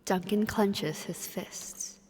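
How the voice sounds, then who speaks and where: A woman co-hosting a let's play, reading the game narration aloud in an even, measured way with casual asides. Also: mid-range voice, breathy edge, in a large hall.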